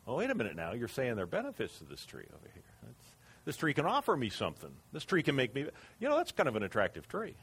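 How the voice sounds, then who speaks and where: A man's voice: a little high, huge pitch swings, normal speed, sharp tone, husky, voice pushed up, heavily acted. A man voicing the first woman of the garden, musing aloud over a forbidden fruit in a sermon retelling. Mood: tempted. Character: first woman, wary then tempted, adult.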